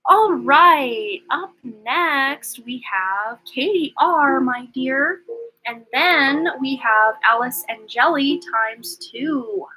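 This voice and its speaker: A woman's voice: high voice, pushed and bright, slight background noise, low-quality recording. A woman hosting a live-streamed tarot reading, talking in an effusive, chatty way with lots of "like" and "um" fillers. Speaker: tarot reader and livestream host.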